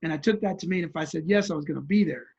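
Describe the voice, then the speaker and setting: A man's voice: on the high side, racing, creaky, a little mellow, slightly rough, highs cut off. A man telling a vivid story as an interview guest, acting out the voices of people in it.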